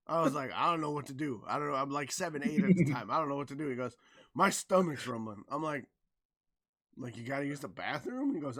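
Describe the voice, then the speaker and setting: Talking fast in a slightly high voice, this podcast co-host spins a story during casual conversation. He's animated and curses freely, loudly performing the quotes of the people involved.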